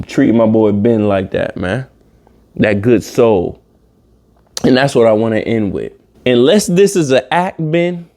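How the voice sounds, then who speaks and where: A man hosting a reaction video, giving casual comedic commentary with animated, emphatic outbursts. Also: mid-range voice.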